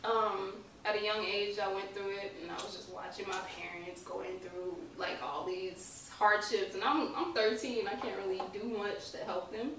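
A woman's voice: mid-range voice, fairly even intonation, normal speed, few pauses, fairly bright tone, recorded from a distance. Chatty young woman in an echoey room. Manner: chatty, laughs often, restarts mid-sentence. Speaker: artist guest. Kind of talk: casual podcast interview. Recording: echoey room, voice from off-mic, faint noise.

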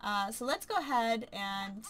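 A woman giving casual, chatty commentary while playing a life-simulation game, gushing and excitable. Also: a little high, measured pace, slight background noise. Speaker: let's play commentator.

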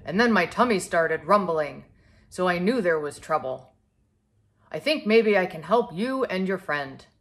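Grumpy Bear, read by a woman, low and wise. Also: lively intonation, a little slow. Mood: kindly. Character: small grumpy male bear, kindly helper.

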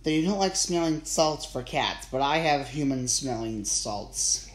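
A narrator voicing a brisk, level-headed woman with a vet's practical manner in an audiobook reading, recorded in a roomy space. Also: mid-range voice, lively intonation, close to an everyday voice. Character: calm practical wife, a vet. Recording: roomy with faint ambience.

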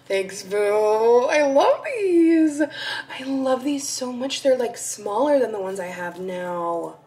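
A young woman vlogging casually at home, gushing and excitable, sometimes dropping to a soft voice. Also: mid-range voice, slow. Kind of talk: casual vlog chat. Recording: faint background noise.

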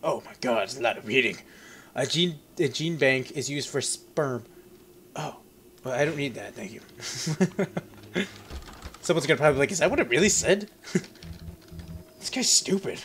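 A man's voice: mid-range voice, animated, a little slow, long pauses, a bit bright, slight background noise. A young man talking to himself while playing a game, rambling, giggling and swearing. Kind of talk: let's play commentary.

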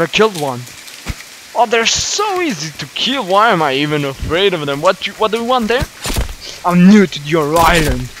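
A man's voice: high voice, noisy background. A young man with a Slovenian accent, giving jumpy, panicky commentary while playing a horror game, swearing and repeating himself. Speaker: gaming YouTuber. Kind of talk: scared horror gameplay commentary.

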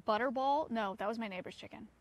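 On an outdoor livestream, a young streamer who runs a sanctuary chats with her viewers and coaxes her goats along. She talks quickly in a fairly high voice, and the recording sounds muffled.

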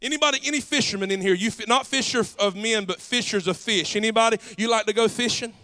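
A Southern-accented pastor delivers a folksy, storytelling sermon. His voice sits high for a man and rings bright and forceful, rising at times into shouted preaching. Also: fast talker. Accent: Southern US, South Georgia.

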